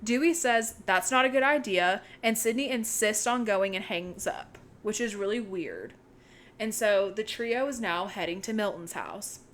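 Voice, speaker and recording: A young woman co-hosting a podcast, excitedly retelling a movie's plot in casual chat and swearing freely. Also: medium pitch, a little slow. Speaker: podcast co-host.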